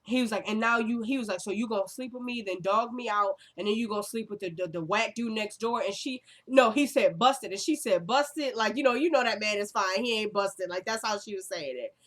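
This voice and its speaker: A woman's voice: mid-range voice, a little fast, few pauses, a bit bright. A young woman casually recapping a TV episode, retelling scenes with lots of "like" and "y'all" and acting out the characters' lines. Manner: uses fillers like "like" and "y'all".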